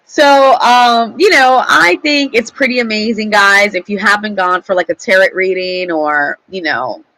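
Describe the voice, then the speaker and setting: A woman's voice: mid-range voice, measured pace, few pauses, bright, forceful tone, dry recording, poor audio. A young woman vlogger telling a story in a chatty, rambling way, swearing freely. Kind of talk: casual storytelling to camera.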